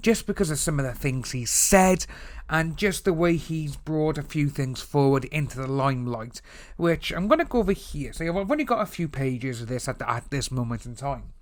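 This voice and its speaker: A man's voice: on the high side, normal speed. Rambling Welsh man vlogging. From Wales. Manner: rambling, animated, stumbling restarts. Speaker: YouTube commentator. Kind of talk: casual commentary vlog. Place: home room with open window.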